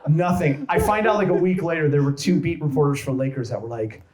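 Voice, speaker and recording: A male host telling an energetic story in a live interview, recorded in an outdoor courtyard with an audience. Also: fairly high pitch, fast, reverberant, heavy background noise. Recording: live crowd audible. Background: audience crowd.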